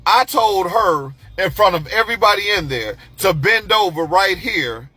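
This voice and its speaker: A man telling a personal story in a casual monologue, animated and profane, acting out the other people's lines. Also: sits high, a little slow, slightly rough. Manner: animated, profane, acts out quoted voices.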